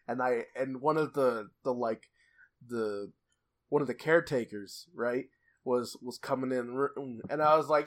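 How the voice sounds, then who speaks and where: A man's voice: mid-range voice, moderate pace, a bit bright. A young man casually telling a childhood story on a podcast, rambling with many restarts, fillers and laughs.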